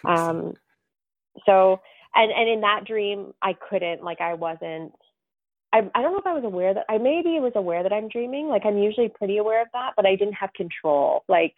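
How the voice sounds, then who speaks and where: A woman's voice: medium pitch, expressive, normal speed, no room sound. A woman guest on a podcast, telling her story in a rambling, casual way full of fillers and restarts. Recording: tinny phone-like line.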